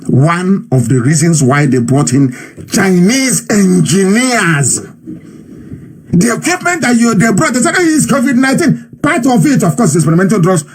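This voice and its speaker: A man's voice: high-pitched, big pitch swings, normal speed, husky. A man with a Nigerian accent giving an impassioned live radio broadcast, mocking and repeating himself for emphasis.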